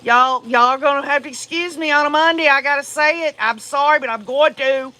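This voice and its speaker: A woman's voice: high-pitched, brisk, sharp tone. A woman hosting a livestream, giving blunt, profane, emphatic commentary and talking straight to her viewers. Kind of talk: casual true-crime commentary.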